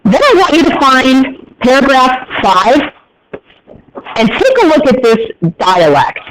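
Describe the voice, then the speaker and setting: An American man teaches a class in a fairly high voice, chatty and quick to throw in joking asides for his students. A steady hiss of noise runs under the recording. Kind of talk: classroom lecture.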